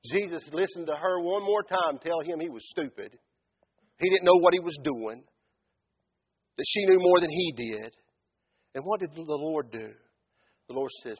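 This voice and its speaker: Male preacher, husky and fairly high, big dynamic swings from hushed asides to shouting, mocks biblical characters' voices in a church sermon. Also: measured pace, pauses often, highs cut off. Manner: swings between loud shouted build-ups and quiet low asides; acts out biblical speakers in mocking tones.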